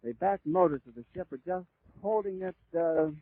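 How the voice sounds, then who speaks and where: In a tinny, dry 1930s radio recording, a male announcer delivers vivid live eyewitness commentary, describing the scene in flowing detail with the odd stumble. His voice sits high and sounds animated, brisk, and slightly rough.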